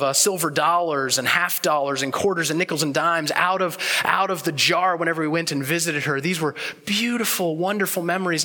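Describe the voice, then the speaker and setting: A man preaching a sermon as pastor, earnest and reflective, pausing often and letting words trail off softly. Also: a little high.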